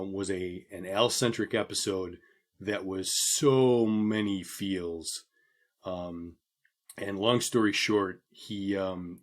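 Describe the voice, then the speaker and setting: Low-voiced man co-hosting a casual podcast. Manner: relaxed, rambling with many ums. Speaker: podcast co-host. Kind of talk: casual chat.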